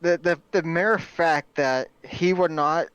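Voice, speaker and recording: Animated man, co-host on a podcast. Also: fairly high pitch, slow pace, smooth, no echo, highs cut off. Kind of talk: casual chat.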